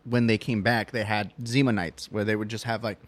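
A man's voice: on the low side, flat delivery, a little fast. A middle-aged man in a casual podcast chat, joking and chiming in in a laid-back way.

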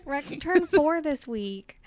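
A woman hosting a podcast in casual chat, tired but cheerful, chatty and quick to laugh. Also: high-pitched, animated, a little mellow, no room sound. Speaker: podcast host.

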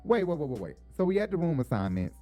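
A man's voice: on the high side, big pitch swings, fast talker, warm tone, soft background music. A man giving blunt, profane, sassy commentary while reacting to a reality show.

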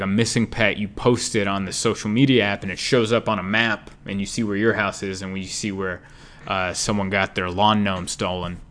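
A man's voice: fairly low pitch, a bit bright, smooth. A man hosting a podcast, talking in a casual, rambling monologue that drifts off topic with wry, self-deprecating humor.

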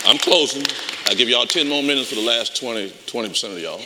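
A man preaching a sermon as pastor, telling stories with lively call-and-response energy. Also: mid-range voice, fast, a crowd in the background. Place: church sanctuary. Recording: long reverb of a church hall.

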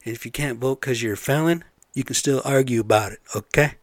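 A man talks in a loose, rambling monologue, swearing often and checking in with "right?" His voice sits at an ordinary middle pitch. The recording is close and dry, with no room sound. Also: quick pace, no room sound. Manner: rambling, blunt and profane, asks listeners "right?". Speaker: vlog host. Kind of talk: casual profane monologue.

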